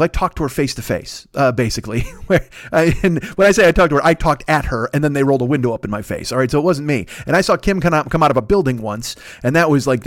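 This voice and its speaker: A man's voice: mid-range voice, no room sound, studio quality. A man riffing in a rambling, profane comedic monologue as a podcast host, laughing often and correcting himself.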